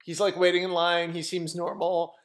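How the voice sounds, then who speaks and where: High-voiced man rambling through a funny story. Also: completely flat delivery, moderate pace. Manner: rambling, filler-heavy, breaks into laughter. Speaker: vlogger. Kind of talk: casual storytelling to camera.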